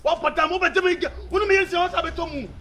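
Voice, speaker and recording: An actor with a Ghanaian accent playing a loud, quarrelsome man who scolds and mocks in a comedy skit. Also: very high voice, rapid-fire. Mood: scolding.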